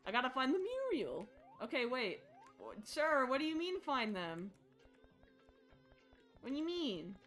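With faint music behind her, a young woman with a high voice talks a little slowly and pauses often as she streams a horror game. She's excitable, cracking jokes to herself and shrieking and laughing at the frights.

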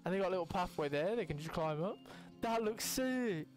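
A young man giving casual, excitable gameplay commentary, swearing now and then and jumping into high exclamations. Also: fairly quick, faint music behind. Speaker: gaming youtuber.

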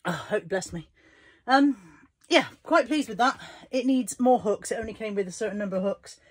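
A woman's voice: mid-range voice, lively intonation, moderate pace, slightly rough. A middle-aged woman, chatting casually and mocking herself as she talks to the camera in a vlog. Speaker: vlogger.

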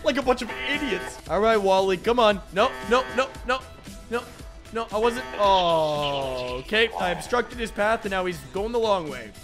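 Young male gaming host, high voice, dry sarcastic play-by-play, game music underneath. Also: normal speed. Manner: sarcastic, mocking, sudden excited outbursts. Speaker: gaming YouTuber. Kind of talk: sarcastic gameplay commentary. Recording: music playing behind voice.

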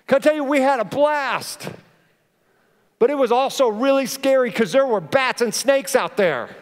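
A middle-aged man preaching a sermon to a church congregation, telling stories in an animated way and putting direct questions to his listeners. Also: high-pitched. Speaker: pastor. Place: large church auditorium. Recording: long hall reverb of a church auditorium.

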